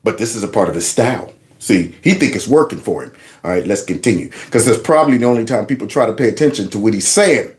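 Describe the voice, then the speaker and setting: A man hosts a casual reaction show and mocks the clips he plays. His pitch swings widely as he talks, and he sounds middle-aged. His delivery is loose and teasing, and he often talks back to the screen. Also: animated, fast talker, a little mellow. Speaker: commentary show host.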